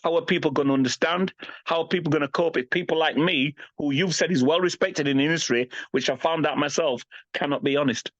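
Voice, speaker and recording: Here a fifties-aged podcast guest talks fast in a slightly high, somewhat bright voice, with no echo around him. He's blunt and emphatic in this candid interview, cursing freely and repeatedly tossing in "you know what I mean." The audio sounds a little dull and lo-fi.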